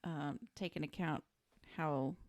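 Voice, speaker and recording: A woman's voice: low-pitched, fairly even intonation, a little slow, darkish tone, no echo. A woman co-hosting a casual movie podcast, giving wry, amused reactions. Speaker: podcast co-host.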